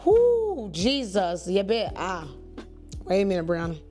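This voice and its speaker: A woman in her thirties, a church and wedding photographer, chatting to camera at home in a lively, rambling way. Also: on the low side, measured pace, faint music behind. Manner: chatty, animated, digressive. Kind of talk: casual talk to camera.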